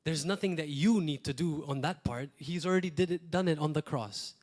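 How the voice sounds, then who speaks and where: Preaching a little fast, this pastor from Malta has a slightly high male voice with a darkish tone. He keeps it plain and conversational, repeats important phrases, and cuts away for short asides.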